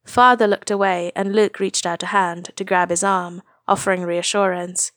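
A woman reading a story aloud, brisk and expressive. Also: lowish voice, no room sound, studio quality. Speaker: narrator. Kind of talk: reading fan fiction aloud.

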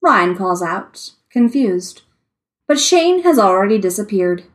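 A woman reading fan fiction aloud with expressive storytelling. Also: medium pitch, slow pace. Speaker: story reader.

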